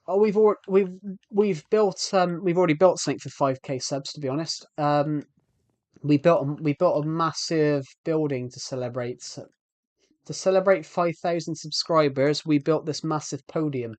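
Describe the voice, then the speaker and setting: A man's voice: a little high, moderate pace, a little mellow, no room sound. A man live-streaming a game, chatting casually with viewers and often restarting sentences.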